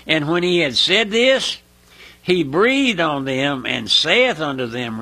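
A man preaching a sermon in a folksy, emotional way, often breaking into high pleading cries. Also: expressive, slow pace, pushed and bright, breathy edge. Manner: folksy, repeats "my friend" and "listen".

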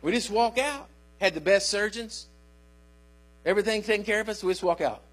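An older man preaching in a folksy, storytelling way, calling out to his listeners as he goes. His voice sits very high for a man and has a husky edge. A faint electrical hum runs under the recording. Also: fairly quick, a bit bright. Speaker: pastor. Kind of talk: sermon.

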